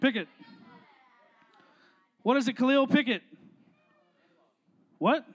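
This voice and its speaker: A young man leads a youth service, his voice unusually high and bright in tone. He stays playful and energetic, bantering with kids between skits. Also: takes it slowly, slightly rough. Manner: playful, energetic, talks to crowd. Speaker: youth pastor. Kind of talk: youth sermon with skit.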